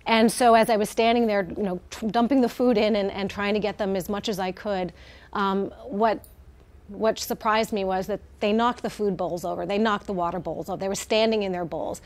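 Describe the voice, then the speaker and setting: A woman's voice: mid-range voice, fairly even intonation, a little fast, darkish tone. A middle-aged woman, the head of an animal welfare group, speaking as a guest in a live TV interview in a heartfelt way, with many fillers and restarts.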